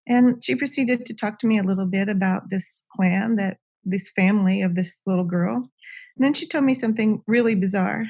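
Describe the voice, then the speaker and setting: A woman's voice: medium pitch, fairly even intonation, normal speed, vocal fry, darkish tone. Woman telling a story, full of ums. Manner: conversational, many ums and restarts. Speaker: podcast guest. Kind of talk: casual storytelling.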